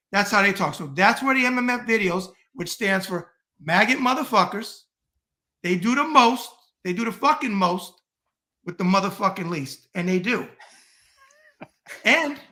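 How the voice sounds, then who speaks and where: A middle-aged American man with a high, pushed, bright voice is a podcast guest in heated political talk. His rant is blunt, profane and emphatic.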